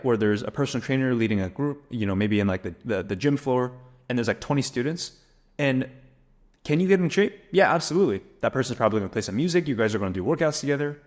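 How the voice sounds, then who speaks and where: A young man teaching business mindset straight to camera, talking fast and with a lot of punch. He keeps firing rhetorical questions at the listener and leans hard on key words, in a voice of middling pitch. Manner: energetic, emphatic, rhetorical questions. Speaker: business coach.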